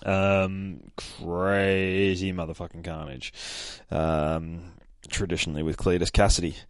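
A young man hosting a podcast, casually recapping a comic book with excitable, profane storytelling. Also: deep voice, measured pace, clean tone, no room sound, studio quality. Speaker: podcast host.

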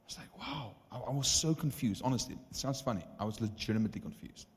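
A man with a South African accent, a pastor telling his story to a congregation in a casual, animated way full of "like" and "right?". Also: mid-range voice, fast talker, in a large hall. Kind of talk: storytelling sermon.

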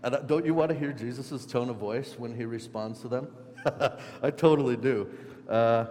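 Preacher in an echoey hall. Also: male voice, mid-range voice, moderate pace. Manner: animated, shifts between loud emphasis and quiet reflection. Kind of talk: sermon. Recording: echoey hall with faint hum.

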